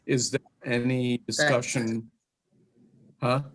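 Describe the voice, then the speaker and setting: A man chairing a legislative committee session, calling votes in a brisk, procedural way with dry jokes. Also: medium pitch, flat delivery, fairly bright tone. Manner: brisk, procedural, dryly joking.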